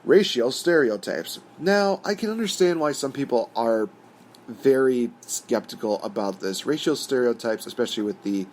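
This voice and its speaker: A man's voice: mid-range voice, lively intonation, moderate pace, darkish tone, slight background noise. A man hosting his own channel, giving a casual, rambling opinion rant full of "you know" fillers. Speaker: host.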